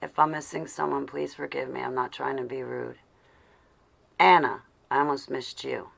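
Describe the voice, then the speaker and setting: With an extremely low, creaky voice and fairly even intonation, a woman speaks at a moderate pace as she hosts a casual livestream. She chats to viewers and mutters to herself during a search for something. Though flustered, she makes a point of sending fond shout-outs.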